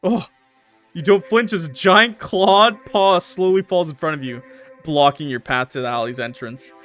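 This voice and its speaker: A man's voice: a little high, steady tone, normal speed, a bit bright, faint music behind. A young man playing a horror game, reading its text aloud with dramatic swings and joking asides. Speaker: gaming YouTuber.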